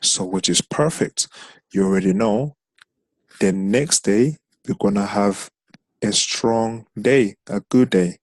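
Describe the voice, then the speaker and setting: A man's voice: lowish voice, slow, no room sound. A man teaching a trading strategy over a screen share, explaining step by step and counting chart candles aloud. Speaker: trading instructor.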